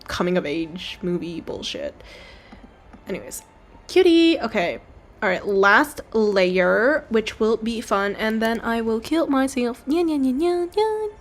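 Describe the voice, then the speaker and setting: While drawing live, this young woman rambles on in a mid-range, somewhat bright voice. She's casual and self-deprecating, keeps apologizing, and now and then slips into goofy voices.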